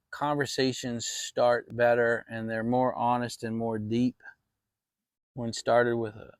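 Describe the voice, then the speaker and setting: A man's voice: mid-range voice, no room sound. Guy rambling thru a fireside chat on his channel, restarts a lot, mid voice, dry sound. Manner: rambling and reflective, with many restarts. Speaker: channel host. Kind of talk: casual fireside chat vlog.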